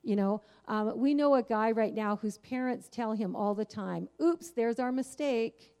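A woman's voice: mid-range voice, normal speed, a little mellow. A woman giving a Christian teaching, telling her own story in an earnest, candid way with frequent fillers. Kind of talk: personal testimony in a faith teaching.

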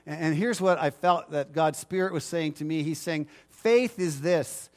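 High-voiced man preaching a sermon. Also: fairly even intonation, moderate pace. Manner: emphatic, repeating key phrases and asking the congregation for agreement. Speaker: pastor.

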